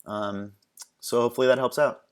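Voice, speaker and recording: A man presenting a screen-recorded software tutorial, talking casually and haltingly with many ums and restarts. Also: medium pitch, steady tone, clean tone.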